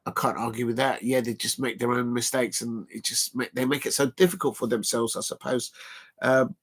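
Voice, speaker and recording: A man's voice: medium pitch, steady tone, brisk, husky. A tired man hosting a casual football watch-along stream, rambling with many fillers as he reads out quotes. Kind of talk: casual live-stream commentary.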